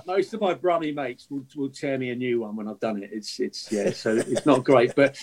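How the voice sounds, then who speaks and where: A man's voice: medium pitch, moderate pace, a little mellow. A man chatting as an actor guest on a podcast, laughing easily. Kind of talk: casual podcast chat.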